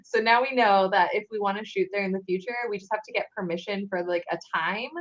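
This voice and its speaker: A woman's voice: medium pitch, fast talker, muffled recording. A woman in a casual chat, telling a story with lots of laughter and filler words. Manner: animated, laughing, many "like" fillers. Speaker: guest cosplayer.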